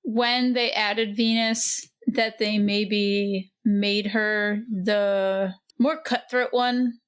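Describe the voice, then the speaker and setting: A woman's voice: medium pitch, fairly even intonation, drawn-out words, clear, resonant tone. A woman co-hosting a podcast, chatting casually and explaining in a wry way with fillers. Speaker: podcast co-host. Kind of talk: casual chat.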